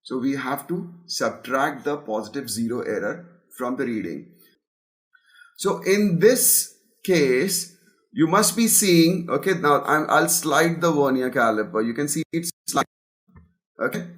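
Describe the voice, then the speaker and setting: A man's voice: medium pitch, animated, measured pace, fairly bright tone. A man with an Indian accent teaching an online class, mixing English and Hindi and often checking in with "got it?" and "okay". His audio keeps breaking up because of a weak connection.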